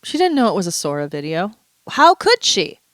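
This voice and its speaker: A woman's voice: lowish voice, wildly swooping pitch, normal speed, fairly bright tone, no room sound. A woman vlogger in a casual, chatty monologue, playful and full of asides, a little stuffy and under the weather. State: stuffy, feeling unwell.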